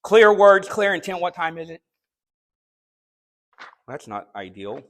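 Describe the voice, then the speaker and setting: A man preaching a sermon, telling a story in a conversational way and then building to sharp, shouted rebukes. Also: sits high, sing-song, slow. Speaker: pastor. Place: church sanctuary.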